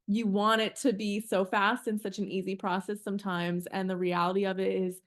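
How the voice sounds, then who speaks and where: A young woman co-hosting a podcast in person, talking in an animated, emphatic way, swearing freely and filling her speech with "like" and "you know". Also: mid-range voice, brisk. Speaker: podcast co-host. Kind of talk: casual chat. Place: in person with co-host.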